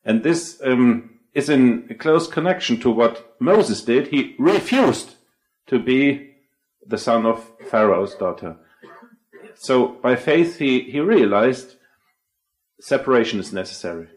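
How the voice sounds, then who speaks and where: A man's voice: mid-range voice, animated, slow pace, low-quality recording. A man taking part in a group Bible discussion, explaining his thoughts in a reflective way. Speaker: Bible study participant.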